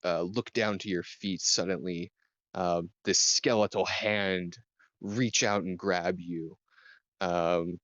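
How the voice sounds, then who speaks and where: A man narrating a tabletop game as game master, talking in a slow, halting way with lots of fillers. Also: low voice, fairly even intonation, fairly bright tone, no room sound, lo-fi sound.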